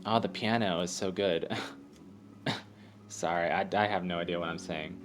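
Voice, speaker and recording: A man giving rambling, halting gameplay commentary as a let's play host, joking at his own expense. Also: low voice, fairly even intonation. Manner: rambling, halting, self-deprecating. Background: faint game music.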